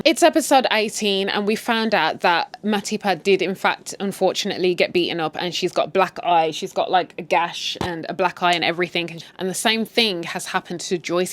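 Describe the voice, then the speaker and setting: A woman's voice: mid-range voice, a bit bright, no echo. A woman casually retelling a drama series in a chatty, candid way, often saying "like". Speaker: series recap host.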